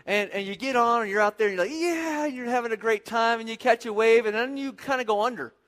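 A man's voice: extremely high pitch, steady tone, fast talker. Man preaching in a big echoing room. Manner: preaching with surges of intensity and quiet reflective passages. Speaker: pastor. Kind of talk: sermon.

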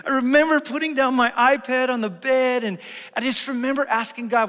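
A middle-aged man preaching a sermon as pastor, telling a personal story with earnest feeling, going from loud and bright to hushed and quiet. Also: very high voice, steady tone, a little fast, in a large hall.

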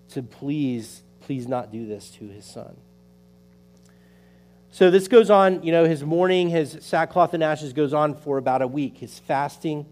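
A man's voice: a little high, a little mellow. A man preaching a sermon, retelling a story in a loose, conversational way with many fillers. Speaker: pastor.

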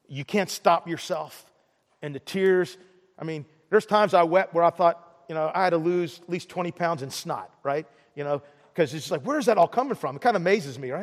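A man's voice: high-pitched, big-room sound. A man preaching a sermon in a conversational way, often restarting words and pressing harder on the key points. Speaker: pastor.

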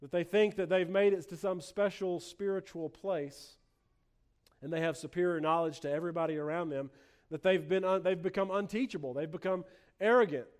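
A man's voice: high-pitched, fairly even intonation, brisk. A man preaching a sermon as a pastor, earnest, restarting phrases with repeated words and acting out sarcastic quotes.

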